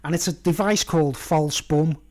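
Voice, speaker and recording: A vlogger rambles through a casual monologue in a slightly raised voice, chuckling at his own jokes and repeatedly asking "you know what I mean," so his talk runs on loosely. His voice is a little high, with a darkish tone and moderate pace.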